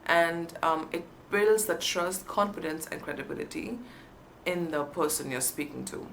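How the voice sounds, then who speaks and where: A woman's voice: sits low, moderate pace, gravelly, a bit bright, slight background noise. Emphatic woman coaching. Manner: emphatic, stresses key words, upbeat encouragement. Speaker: interview coach. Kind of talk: teaching to camera.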